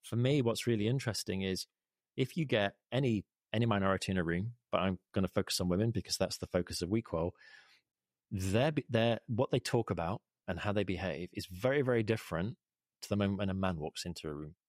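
This guest, a leadership advocate, speaks earnestly in a conversational interview and makes his case through rhetorical questions. His voice sits lowish and moves fairly quickly, captured at studio quality without any room sound.

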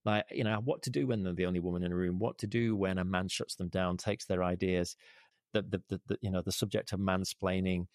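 In a conversational interview, a male guest who advocates for leadership argues his point earnestly, posing rhetorical questions. His deep, darkish voice holds a steady tone at a fairly quick pace, and the studio recording is clean with no room sound.

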